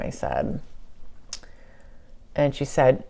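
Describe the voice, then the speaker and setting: A woman's voice: sits low, steady tone, normal speed, darkish tone. A woman recounting a spiritual channeling in an earnest, tearful way, often repeating herself. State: crying at times. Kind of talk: emotional first-person recounting.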